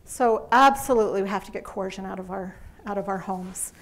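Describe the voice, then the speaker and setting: A woman's voice: medium pitch, brisk, slight background noise. A woman teaching a faith-based parenting class to a live group, earnest and heartfelt in a conversational way.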